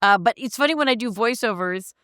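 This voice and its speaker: A woman's voice: fairly high pitch, expressive, fast, bright, forceful tone, clean tone, dry recording, studio quality. A middle-aged woman guest chatting casually and telling self-deprecating stories. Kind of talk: casual chat.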